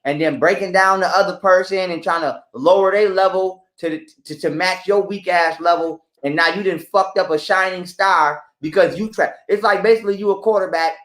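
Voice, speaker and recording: A man's voice: high voice, normal speed, hardly any pauses, fairly bright tone, echoey room. A man giving blunt, profane relationship advice in a casual live-stream talk, preaching at his listeners. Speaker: podcast guest.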